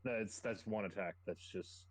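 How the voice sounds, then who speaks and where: A man's voice: fairly low pitch, moderate pace. A man playing a tabletop game, talking bluntly and casually, with some swearing. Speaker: player. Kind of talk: casual tabletop gaming chat.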